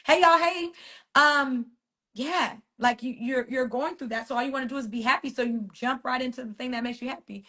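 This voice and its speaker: Speaking in a high, bright and forceful voice at a brisk clip, a woman runs a casual motivational live stream from her phone. She's an author and wellness coach doing her weekly stream, and she speaks emphatically, repeating phrases and chatting with her viewers.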